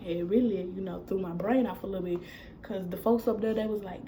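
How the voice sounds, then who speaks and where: A woman's voice: mid-range voice, moderate pace, slight background noise, poor audio. Young woman telling a casual storytime. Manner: casual, animated retelling with quoted dialogue. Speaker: vlogger. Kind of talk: storytime vlog.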